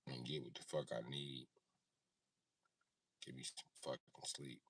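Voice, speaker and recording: A man's voice: very deep voice, level tone, measured pace, a bit bright, husky, no room sound, recorded from a distance. A man in his thirties hosting a live stream, rambling casually and profanely and answering his chat. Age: 30s. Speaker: livestream host.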